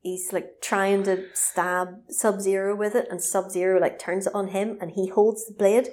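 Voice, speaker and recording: A woman, co-hosting a casual chat. She tells a film's plot in an animated way, swears freely and acts out the characters' lines. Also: mid-range voice, moderate pace. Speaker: podcast co-host. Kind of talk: casual film recap chat.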